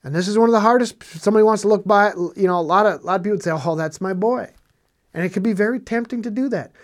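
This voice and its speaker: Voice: medium pitch, very fast. A Bible teacher preaching on scripture in a conversational way, stressing points by repeating phrases and asking rhetorical questions.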